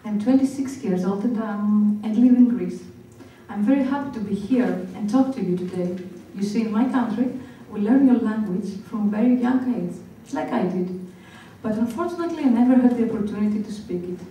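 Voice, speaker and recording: A woman delivers a staged spoken-word performance in a slow, deliberate way, leaving long pauses between phrases. Her voice is deep-toned and mellow. It reaches the mic from a distance and rings through a very reverberant hall. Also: slight background noise. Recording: very echoey hall, voice picked up from far off.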